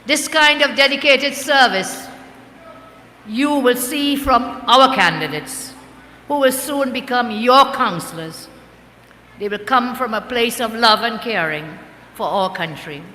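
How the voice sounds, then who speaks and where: Brief: older woman, party leader, rousing rhetorical rally speech, bright forceful voice in an echoey hall. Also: a little high, a little slow, slight background noise. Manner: rousing, rhetorical, chants slogans. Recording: echoey hall with crowd ambience.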